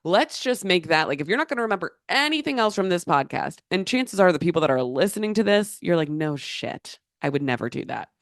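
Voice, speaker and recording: A woman's voice: fairly low pitch, very animated, a little fast, few pauses, dry recording, clean studio sound. A young woman hosting a podcast, telling a story in a chatty, casual way, full of filler words and swearing. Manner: chatty, swears freely, many filler likes. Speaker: podcast host.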